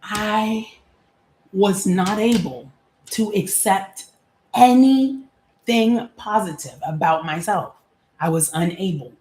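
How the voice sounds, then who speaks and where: Brief: a chatty, candid woman in her forties, lowish voice, recorded in an echoey room. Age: 40s. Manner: candid, chatty, laughs often, casual slang. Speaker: vlogger. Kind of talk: personal reflective monologue.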